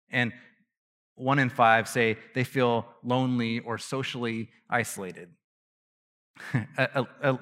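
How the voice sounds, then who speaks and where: A man's voice: medium pitch, a bit bright. A man preaching a sermon as a pastor, talking to his congregation in a loose conversational way, joking at his own expense and often restarting a phrase. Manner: conversational, self-deprecating, frequent restarts and laughs. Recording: long reverb of a large hall.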